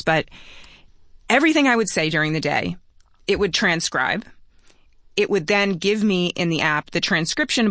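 A man speaking as an interview guest, telling a personal story in a relaxed conversational way, with quick asides. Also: sits high, no room sound, studio quality.

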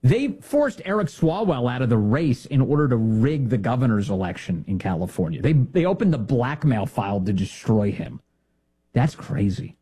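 A man's voice: medium pitch, sing-song, normal speed, mellow, slightly rough. A man hosting a political commentary show, talking in a sarcastic, indignant monologue full of rhetorical questions. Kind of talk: opinionated monologue.

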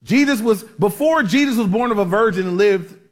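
A man's voice: sits high, animated, moderate pace. A man pastor preaching a conversational sermon, often restarting his sentences and checking in with the congregation. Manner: conversational with many restarts and fillers; asks the congregation for amens.

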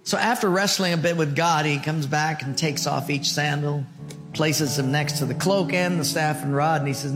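A pastor tells a story in his sermon, earnest and animated, sinking his voice low and soft at the end of each point. His voice sits a touch high, and guitar music plays softly underneath. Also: moderate pace.

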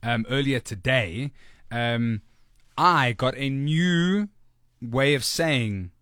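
A man's voice: mid-range voice, takes it slowly, a bit bright, no echo, studio quality. A man hosting a radio show, chatting casually and playfully, often mocking himself and restarting his sentences.

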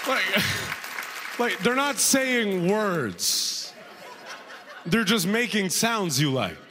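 A young man tells a stand-up story in an animated way, checking in with rhetorical asides. His voice sits a little high and swings widely. A long hall reverb trails after each line. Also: very slow, crowd noise, noisy background. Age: young adult. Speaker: stand-up comedian.

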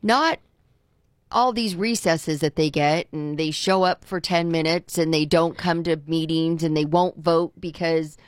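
A woman's voice: sits low, unhurried, no echo. A woman co-hosting a talk radio show, chatting casually and voicing exasperated, outspoken opinions. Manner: opinionated, exasperated, repeats herself. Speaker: radio co-host.

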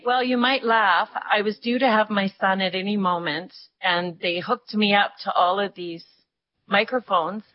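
An older woman recalling the past in an interview, with reflective, halting phrasing. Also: medium pitch, steady tone, no room sound. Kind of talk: interview storytelling. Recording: dry dull lo-fi recording.

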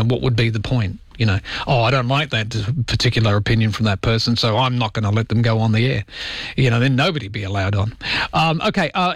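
Welsh-accented talk radio host with a lisp. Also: male voice, mid-range voice, no room sound, studio quality. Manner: chatty and opinionated, with frequent ums. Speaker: overnight talkback radio host. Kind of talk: talkback radio chat, reading listener texts. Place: radio studio.

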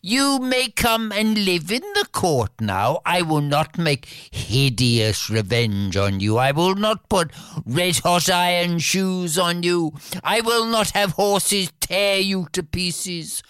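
A woman storyteller voicing a gentle young fairy-tale princess who speaks earnestly and graciously. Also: deep voice, clean tone, no room sound, clean studio sound.

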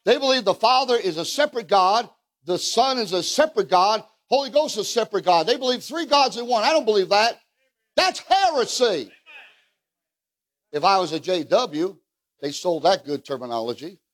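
A man preaching a fiery revival sermon, asking the congregation questions, calling for amens and breaking into shouts. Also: high-pitched, animated, moderate pace. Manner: fiery, rhetorical, calls for amens, bursts into shouts.

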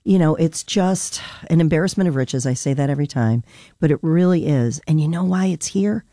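A woman with a gravelly voice, a station colleague chatting on air in the studio and making an enthusiastic pitch for listener support. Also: fairly quick, mellow, no room sound. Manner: enthusiastic, persuasive. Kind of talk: casual on-air chat. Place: radio studio. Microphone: studio microphone.

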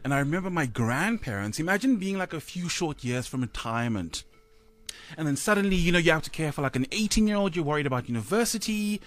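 A man in his thirties with a South African accent, co-hosting a breakfast radio show, speaking haltingly with sighs, choked up and close to tears. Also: on the high side, very animated, fairly bright tone. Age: 30s. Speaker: radio co-host. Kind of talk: emotional radio chat.

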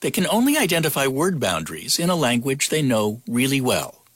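A male news reporter reads his script in a bright, lively voice. The sound is dry and close, with a slightly breathy edge. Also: mid-range voice, a little fast, dry recording.

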